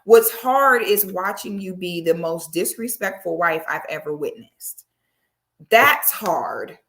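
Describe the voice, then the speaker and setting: A woman's voice: on the low side, a little slow. A woman giving casual reaction commentary, sassy and exclamatory, speaking straight to her viewers.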